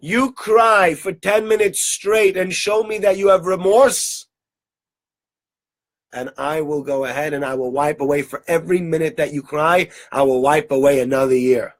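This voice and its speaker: A man voicing a stern judge who lays out a deal in a slow, deliberate way. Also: on the high side, close to an everyday voice.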